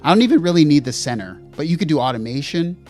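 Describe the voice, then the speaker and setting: A man's voice: a little high, very animated, fast talker, mellow, soft background music. A man co-hosting a gear podcast livestream in a casual chat, rambling with lots of fillers and self-deprecating asides. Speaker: podcast co-host.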